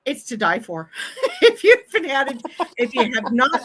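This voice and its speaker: This middle-aged Pacific Northwest woman from Washington State hosts a chatty, casual livestream, laughing often. Her high voice moves at a moderate pace with huge pitch swings, a slightly bright quality, and a breathy edge.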